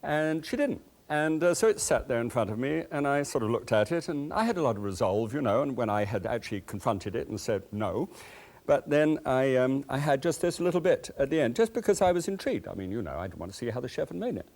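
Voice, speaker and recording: A man's voice: mid-range voice, very animated, fast talker, creaky, few pauses, a little mellow. A man hosting a cooking show, chatting enthusiastically and telling folksy anecdotes from a TV kitchen set. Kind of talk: cooking show chat and storytelling.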